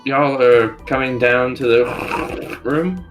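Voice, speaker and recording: A man's voice: mid-range voice, slow, over music, pitched above the performer's own voice, close to an everyday voice. A man voicing a short, eager male half-elf fiddler, breathless and friendly.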